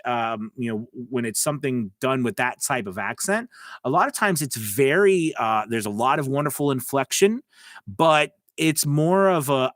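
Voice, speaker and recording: A chatty American man with a faint Southern drawl, coaching voice actors in a relaxed livestream. His voice sits at a middling pitch, and he talks in loose, rambling asides full of fillers. The sound is dry and close, with no room echo. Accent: slight Southern US drawl. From United States. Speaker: voice-over coach and livestream host. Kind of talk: casual livestream chat.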